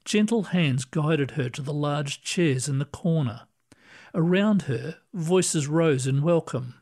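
A man reading short stories aloud in a calm, measured manner. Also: fairly high pitch. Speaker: narrator. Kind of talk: storybook reading.

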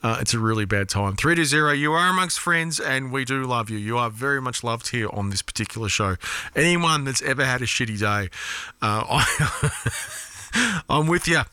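Bright-voiced, sweary radio host. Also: male voice, medium pitch, moderate pace, clean tone, dry recording. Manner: earnest, profane and consoling. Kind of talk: casual on-air chat taking listener requests.

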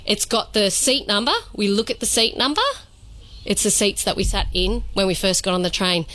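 An Australian woman, a radio producer, telling an animated story on air with a giggly manner. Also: medium pitch, moderate pace, rough recording.

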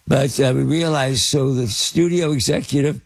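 Gravelly older man telling stories. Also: medium pitch, steady tone, no echo. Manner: halting, lots of fillers and restarts. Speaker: interview guest, film producer and actor. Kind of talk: anecdotal storytelling in conversation.

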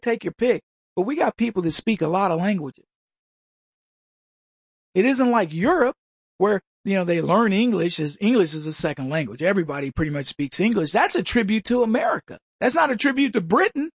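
Husky-voiced talk radio host, animated. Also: male voice, high-pitched, no room sound, clean studio sound. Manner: animated, rhetorical questions, mimics people. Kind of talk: opinionated talk radio monologue.

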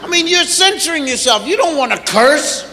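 A man performing a stand-up routine before a live audience, acting out parents and children with rapid repeated phrases. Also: very high-pitched, lively intonation, pushed and bright, some chatter behind, slight background noise. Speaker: stand-up comedian. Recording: echoey hall with audience.

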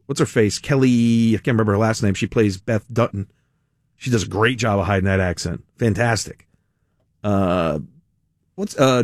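A man's voice: mid-range voice, dry recording, clean studio sound. A man hosting a talk radio show, delivering a sarcastic, mocking monologue with frequent laughs.

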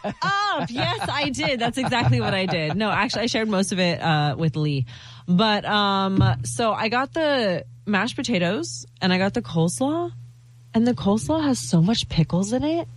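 A woman's voice: medium pitch, animated, moderate pace, a little hiss or hum. Bubbly woman co-hosting a chat show. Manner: bubbly, giggly, self-mocking. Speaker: co-host. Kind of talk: casual chat.

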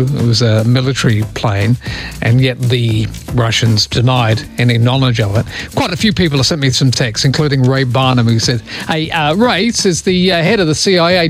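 A middle-aged Australian man hosting overnight talkback radio, chatty and self-deprecating, rambling with fillers. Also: mid-range voice. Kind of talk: casual talkback radio chat. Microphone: studio broadcast microphone.

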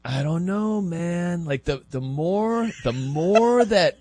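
A man's voice: high voice, animated, darkish tone, no echo, full character voice. A man doing an impression of a hesitant male co-host who rambles and trails off. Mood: unsure. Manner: halting, trailing off, stumbling restarts.

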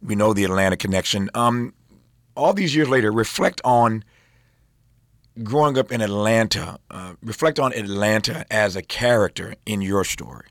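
A man's voice: fairly low pitch, expressive, moderate pace, no echo, clean studio sound. A man hosting a radio interview, asking thoughtful questions with many hesitations.

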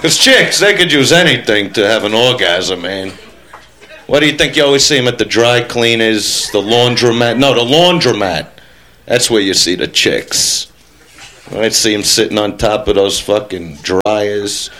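A man's voice: fairly low pitch, measured pace, pushed and bright. Crude, laid-back male stand-up comic. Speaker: stand-up comedian. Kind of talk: stand-up comedy routine.

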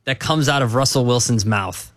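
A man's voice: mid-range voice, normal speed, fairly bright tone. A man co-hosting a live sports talk radio show, joking and emphatic in banter. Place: radio studio.

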